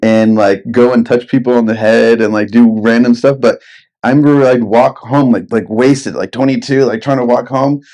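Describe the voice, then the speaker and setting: A man's voice: mid-range voice, steady tone, normal speed, warm tone. A young man telling rambling, expletive-laden stories in a casual podcast chat. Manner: rambling anecdotes, heavy swearing.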